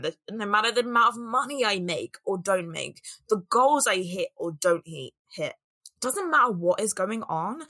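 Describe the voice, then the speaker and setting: A woman's voice: medium pitch, sharp tone. A woman business coach giving an earnest, reflective solo talk on self-worth and voicing the doubts in people's heads.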